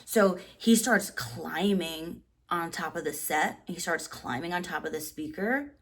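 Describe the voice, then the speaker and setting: A woman in her thirties telling a personal story in casual vlog style, animated and full of "like", acting out quotes with sudden pitch jumps. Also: a little slow, creaky, husky. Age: 30s. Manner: animated, heavy use of "like". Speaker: vlogger.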